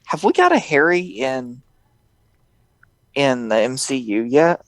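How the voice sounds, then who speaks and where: A man's voice: mid-range voice, slow pace, no room sound. A young man hosting a casual podcast chat, laughing often and mimicking people in his stories. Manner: laughing, animated, mimics voices in quotes. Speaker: podcast host.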